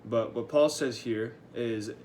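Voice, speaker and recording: A man's voice: medium pitch, slow, a little mellow, a little hiss or hum. Earnest young man giving a devotional. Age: young adult. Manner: earnest, casual, with fillers and restarts. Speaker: high school church intern giving a devotional. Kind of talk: short devotional talk.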